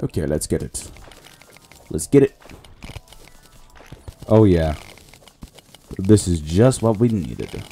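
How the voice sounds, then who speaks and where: A man's voice: deep voice, lively intonation, slow, pauses often, dark tone, breathy edge, faint music behind. A man giving casual let's-play commentary, muttering a running narration of what he does to himself and his viewers. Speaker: gaming channel host.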